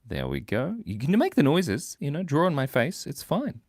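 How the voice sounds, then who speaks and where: A man's voice: fairly high pitch, huge pitch swings, moderate pace, darkish tone, no echo, studio quality. A young Australian man hosting a live drawing stream, chatting playfully and laughing as he reads out viewer comments.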